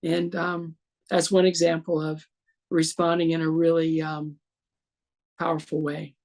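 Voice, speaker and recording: Guest storyteller: man in his 60s, gravelly, animated, acts out quotes. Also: on the high side, measured pace. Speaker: interview guest. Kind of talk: storytelling in an interview.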